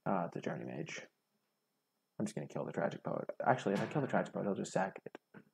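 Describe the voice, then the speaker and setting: A young man with a very low, gravelly voice that has a husky edge, chatting casually through his own card game. He thinks aloud and picks apart his own plays as he goes. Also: big pitch swings, quick pace. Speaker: gaming streamer. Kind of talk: casual gameplay commentary.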